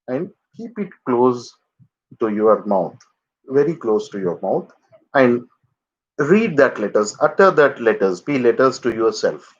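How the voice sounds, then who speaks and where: A man teaching English pronunciation in a live online lesson, drilling words slowly for students to repeat. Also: medium pitch, a bit bright, lo-fi sound.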